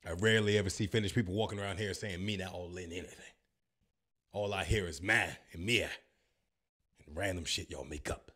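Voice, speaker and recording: A man's voice: low voice, fairly even intonation, fast, fairly bright tone. A man from the United States hosting a comedic reaction vlog, talking straight to his viewers in a brash, profane, riffing way. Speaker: reaction video host.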